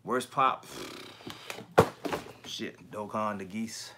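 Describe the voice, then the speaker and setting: A man hosting a casual livestream chat about collectibles, talking in slangy, profane bursts and animated storytelling. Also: on the low side, very slow, background noise. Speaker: YouTube collector channel host.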